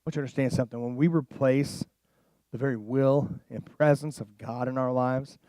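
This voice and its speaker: A man preaching a sermon as pastor, animated and casual, dropping into quiet asides and rising into loud emphatic passages. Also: medium pitch, fairly quick, dry recording. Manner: casual slang.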